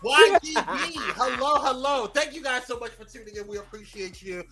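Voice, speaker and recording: A man hosting a live morning show, greeting viewers by name in a lively, playful way. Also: very high voice, brisk, a crowd in the background.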